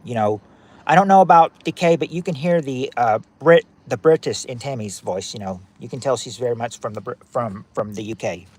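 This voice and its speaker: A man's voice: medium pitch, darkish tone. A man hosting a family quiz game on a livestream, reading questions and chatting with viewers by name, often repeating himself. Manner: chatty, repeats phrases, reacts to chat names.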